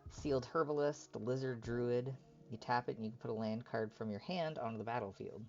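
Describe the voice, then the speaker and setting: A man's voice: mid-range voice, a little fast, muffled recording, soft background music. A man on a live stream, chatting casually and reading card text aloud as he opens packs. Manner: reads card text aloud in a relaxed running commentary.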